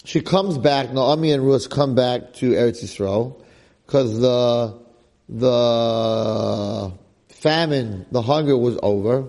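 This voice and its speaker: A man giving an informal, animated Torah class to a group, talking casually and dropping in Hebrew and Yiddish terms. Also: mid-range voice, slow. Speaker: Torah lecturer.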